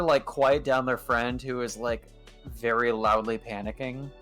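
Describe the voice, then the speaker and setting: A man's voice: mid-range voice, steady tone, fairly quick, fairly bright tone, soft background music. A young man in his twenties, a streamer chatting casually and rambling through anecdotes with many fillers. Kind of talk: casual chat.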